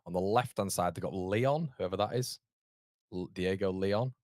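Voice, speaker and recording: A low-pitched man hosts a live football watchalong, talking to his chat in a loose, rambling way. He laughs easily and jumps between thoughts. His voice is close and dry, with no room sound. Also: moderate pace, darkish tone, no echo. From York, England. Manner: chatty, rambling, laughs often. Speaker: watchalong host.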